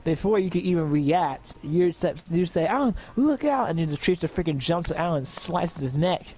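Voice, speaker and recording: A man's voice: a little high, steady tone, moderate pace, mellow, highs cut off, slight background noise. A man improvising an adventure story for a friend in casual voice chat, rambling with lots of fillers and checking in with the listener.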